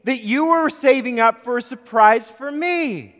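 A man's voice: very high voice, measured pace, a bit bright, pitched above the performer's own voice. A man voicing a patient, probing mother. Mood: questioning. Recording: long reverb of a large hall.

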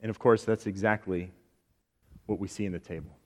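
A man preaching a sermon to a congregation, speaking emphatically and letting many phrases fall soft at the end. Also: low voice, steady tone, brisk, big-room sound. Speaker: pastor. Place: church sanctuary.

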